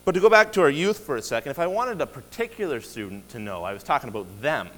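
A man's voice: medium pitch, big pitch swings, fast, fairly bright tone, big-room sound, low-quality recording. A man preaching a sermon as pastor, earnest and emphatic, often restarting his phrases. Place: church sanctuary.

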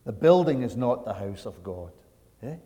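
A man from Britain preaching a sermon, swinging from hushed asides to loud, dramatic emphasis and checking in with the congregation. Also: medium pitch, lively intonation, normal speed. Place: church sanctuary. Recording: long church reverb.

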